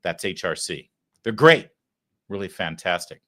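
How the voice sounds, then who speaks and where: A man's voice: deep voice, expressive, measured pace, a bit bright. A man hosting a live political commentary show, talking in a sarcastic, mocking, conversational way. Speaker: talk show host.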